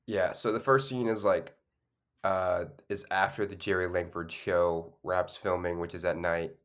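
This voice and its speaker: A man with a very low, deep voice talks casually through a film's plot on a podcast. He rambles and backtracks, stacking fillers and self-corrections as he goes. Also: steady tone, measured pace, fairly bright tone. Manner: loose, rambling, many fillers and restarts. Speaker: podcast co-host. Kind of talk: casual film discussion.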